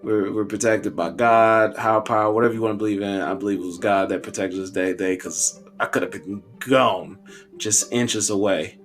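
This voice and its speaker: A man in his thirties telling a funny personal story on a podcast, animated and conversational. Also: on the low side, normal speed, soft background music.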